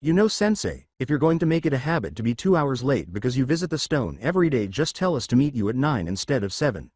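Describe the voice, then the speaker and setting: An upbeat, chatty boy ninja, read by a man in a storybook reading. The delivery swings with lively pitch, and the sound is close and dry with no room echo. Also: quick pace. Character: cheerful loud boy ninja.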